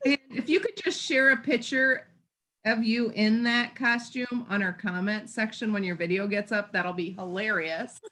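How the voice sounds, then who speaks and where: A woman's voice: medium pitch, fairly even intonation, a little slow, fairly bright tone. A woman with a Minnesotan accent, co-hosting a casual chat and laughing along. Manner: playful, laughing. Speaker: co-host.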